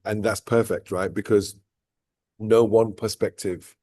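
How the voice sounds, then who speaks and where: Speaking at a measured pace, this man hosts a vlog, and his fairly low, mellow voice holds a steady tone. He's from outside Dubai and rambles casually and reflectively, often tacking "right?" and "look" onto his points. The recording is studio quality with no echo.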